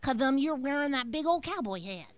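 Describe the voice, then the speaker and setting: A woman's voice: high voice, lively intonation, brisk, no echo. A woman playing a cheeky little girl in a comedy sketch, asking blunt childlike questions.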